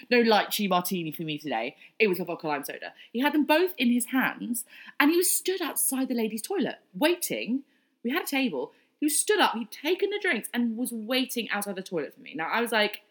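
A woman in her thirties telling a personal story in a blunt, profane, animated way. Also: fairly high pitch, brisk. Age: 30s. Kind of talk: candid casual storytelling.

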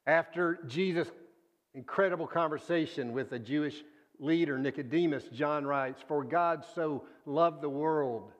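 A man preaching a sermon, earnest and deliberate, often sinking to a hushed low voice on key words.

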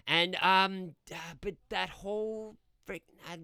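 A woman in a casual group chat, jokey and quick to agree. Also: medium pitch, steady tone, sharp tone, clean tone, dry recording.

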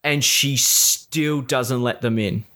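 A man in casual chat, retelling a series with lively put-on quotes and frequent swearing. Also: medium pitch, slow. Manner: animated, acts out characters' lines, swears freely.

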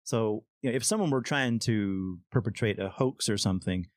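A man with a lowish voice who talks in a halting, casual way, restarting his words and leaning on "like" and "you know". He is recorded dry and close, with no room sound. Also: no echo. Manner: hesitant, repeats words, many fillers like "like" and "you know". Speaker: podcast co-host. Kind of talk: casual chat.

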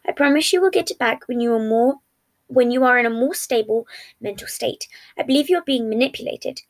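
A woman's voice: a little high, fairly quick, close to an everyday voice. Formal, careful young man, as a woman reads him. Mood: gentle. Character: formal, precise young man comforting a friend. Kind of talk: fan fiction reading.

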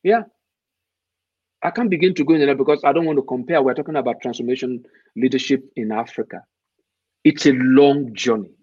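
A man's voice: mid-range voice, fairly quick, pauses often, darkish tone, slightly rough, no room sound. A man from Nigeria, speaking emphatically as an interview guest and posing rhetorical questions. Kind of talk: conversational interview. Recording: dull, muffled dry sound.

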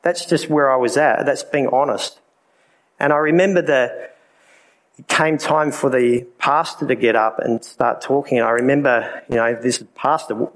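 A man's voice: mid-range voice, measured pace, low-quality recording. A man giving his personal testimony to a church congregation, candid and conversational, with many fillers. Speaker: preacher sharing his testimony.

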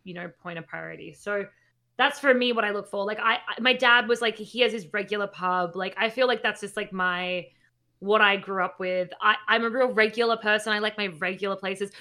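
A woman's voice: medium pitch, fairly quick, bright, forceful tone. A woman in her thirties chatting casually on a podcast, blunt and sweary, with lots of fillers. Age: 30s. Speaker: podcast co-host.

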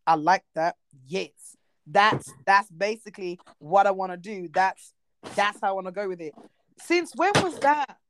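A woman in her thirties chatting casually on a talk show, animated and expressive, with quick asides. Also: mid-range voice, no echo. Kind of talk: casual chat.

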